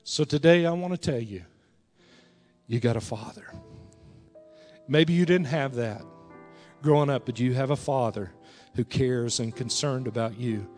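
Pastor guy preaching, goes hushed then loud, soft music behind in a big hall. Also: medium pitch, measured pace, long pauses. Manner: storytelling, swings between hushed and raised. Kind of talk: sermon. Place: large church hall. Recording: reverberant church hall with music.

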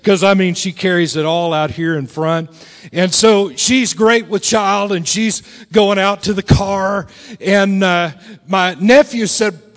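Folksy preacher man in a reverberant hall. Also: unhurried. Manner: folksy and animated, swings between loud bursts and low, quiet lines. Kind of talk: storytelling sermon. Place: church sanctuary. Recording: long reverb of a large hall.

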